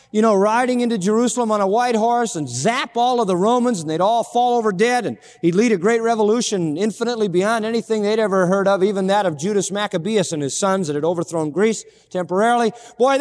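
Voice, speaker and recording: A man's voice: high-pitched, in a large hall. A man preaching a sermon emphatically, repeating key phrases and asking rhetorical questions.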